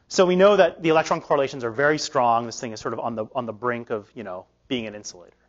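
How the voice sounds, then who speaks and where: Man, hoarse voice, academic lecture, filler-heavy delivery, muffled lo-fi sound. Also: medium pitch. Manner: loose, halting delivery with many fillers and restarts. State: losing his voice. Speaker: physics lecturer. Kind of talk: academic research talk. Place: lecture hall. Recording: dull lo-fi lecture recording.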